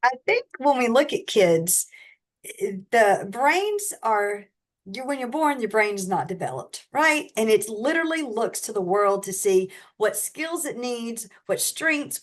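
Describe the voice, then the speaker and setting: A woman co-hosting a podcast, explaining brain science casually with everyday examples. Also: fairly high pitch. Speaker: podcast co-host, educational neuroscience expert.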